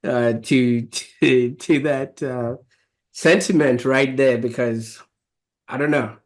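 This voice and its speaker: Man, show host; mid pitch, loose rambling question style, heavy on fillers. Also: steady tone, slow pace. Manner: rambling, many fillers and restarts. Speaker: podcast host. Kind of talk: interview questions.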